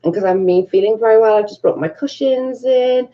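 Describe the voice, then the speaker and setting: This British woman's voice is on the high side with a dark tone and a quick pace, heard through dull audio. Hosting a laid-back livestream from her bedroom, she reads viewer comments aloud, chats, and swears without restraint.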